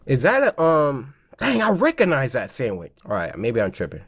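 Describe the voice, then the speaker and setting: A man hosting a horror story reaction show, giving comedic commentary and loudly joking back at the story. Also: medium pitch, huge pitch swings, moderate pace, creaky, husky. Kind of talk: comedic commentary over videos.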